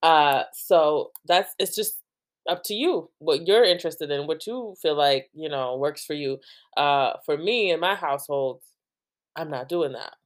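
A young woman from New Jersey talks through her podcast in a loose, rambling way, leaning on "like" and breaking into laughs. Her voice sits low for a woman. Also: measured pace. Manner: rambling, heavy use of "like", laughs often. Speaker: podcast host. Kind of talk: casual chat.

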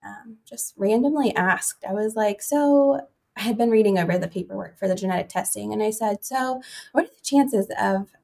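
A young woman recounts her story to a podcast host, casual and full of "um" and "like". Her voice is often gravelly with vocal fry. She acts out what others said to her. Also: medium pitch, normal speed, a little mellow. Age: young adult. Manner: chatty, many fillers, acts out quoted dialogue. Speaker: podcast guest. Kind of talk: conversational storytelling.

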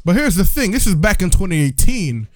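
A man's voice: sits high, very animated, a little fast, no echo. A man co-hosting a podcast, chatting casually with a joking, rambling manner. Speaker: podcast co-host. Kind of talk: casual chat.

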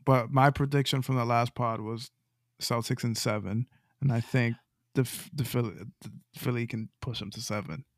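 A man's voice: medium pitch, fairly even intonation, moderate pace, no room sound. A man co-hosting a sports podcast, giving predictions and dry jokes. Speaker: podcast co-host. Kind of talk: casual sports chat.

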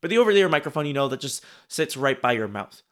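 A man's voice: mid-range voice, sing-song, fast talker, a bit bright. A man hosting an instructional podcast, talking casually and repeating phrases for emphasis as he demonstrates speaking techniques. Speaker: podcast host and speaking coach.

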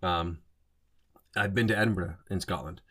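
A man with a low-pitched, sharp-toned voice talks at a moderate pace. He hosts a solo podcast, rambling through a casual monologue and often pausing to rephrase or correct himself.

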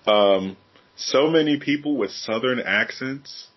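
A man's voice: mid-range voice, slow, breathy edge, highs cut off. A man co-hosting a podcast, telling stories in a candid, profane, casual way. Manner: candid, profane, animated storytelling. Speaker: podcast co-host. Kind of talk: casual chat.

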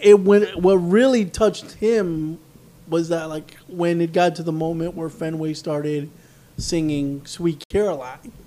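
A man co-hosting a casual podcast, telling lively stories and acting out what people said. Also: on the high side, measured pace. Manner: animated storyteller, acts out quotes. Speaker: podcast co-host. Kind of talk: casual chat.

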